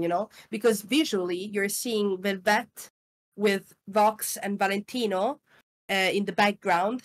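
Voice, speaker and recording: Italian woman explaining thoughtfully. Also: medium pitch. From Italy. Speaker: voice actress guest. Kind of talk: casual interview chat.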